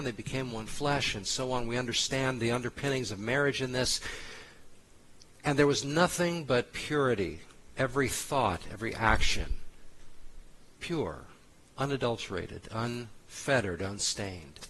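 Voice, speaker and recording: A man's voice: mid-range voice, moderate pace, a bit bright, rough recording. A man preaching as a pastor, reading scripture aloud and breaking off into conversational asides.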